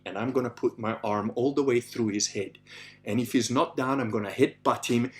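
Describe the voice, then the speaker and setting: A man telling an animated personal story, swearing freely and acting out his own thoughts in quick outbursts. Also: medium pitch. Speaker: speaker.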